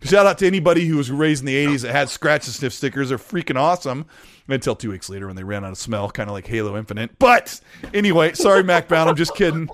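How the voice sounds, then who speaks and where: A man in his forties co-hosting a casual gaming chat, animated and joking with rambling asides. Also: on the high side, fast, no echo, clean studio sound. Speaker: podcast co-host.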